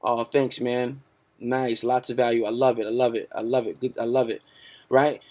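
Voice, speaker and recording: A man's voice: medium pitch, flat delivery, normal speed, a little mellow. A man hosting a sales webinar, hyped and salesy, tacking "right?" onto nearly every sentence and calling his listeners "guys". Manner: hyped, repeats "right?" constantly; salesy, pumped, talks to the audience as "guys". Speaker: webinar host.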